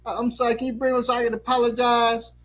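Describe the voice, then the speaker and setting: A man voicing a fierce older woman teacher who turns tearful when cornered, in a high, sing-song pleading voice, while telling a story. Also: little pitch movement, fast, slight background noise, natural voice.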